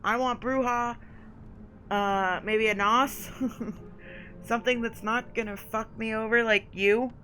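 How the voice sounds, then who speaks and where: A woman's voice: a little high, fairly even intonation, slow pace, pauses often, bright, forceful tone, a little hiss or hum, low-quality recording. A woman voicing a sarcastic, defiant young male fledgling vampire in a story game.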